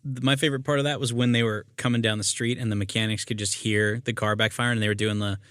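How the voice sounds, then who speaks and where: A man's voice: fairly low pitch, little pitch movement, fast, a bit bright, clear, resonant tone, no room sound. A man co-hosting a movie podcast, chatting casually in a loose, rambling way and laughing often. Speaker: podcast co-host. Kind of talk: casual movie-review chat.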